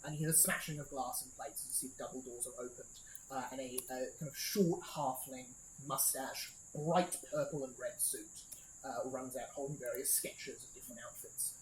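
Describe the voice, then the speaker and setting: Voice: medium pitch, fairly even intonation, moderate pace, a little hiss or hum. A game master narrating a tabletop game, hesitant and full of fillers. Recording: roomy room, faint crickets.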